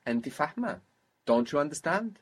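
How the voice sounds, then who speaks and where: A man's voice: a little high, sing-song, racing, husky. A man teaching a spoken language lesson, patiently coaching pronunciation step by step.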